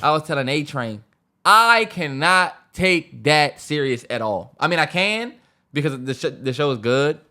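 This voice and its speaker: Animated man co-hosting a casual podcast. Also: unhurried. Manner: animated storyteller, voice jumps high when acting out stories. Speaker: podcast co-host. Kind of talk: casual chat.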